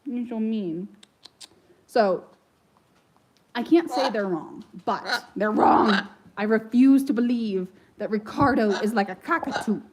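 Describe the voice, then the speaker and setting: A woman's voice: on the high side, a little slow, a little mellow, rough recording. A woman chatting casually about her pet parrot, rambling and slipping into baby talk with the bird. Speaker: parrot owner vlogger. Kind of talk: casual chat.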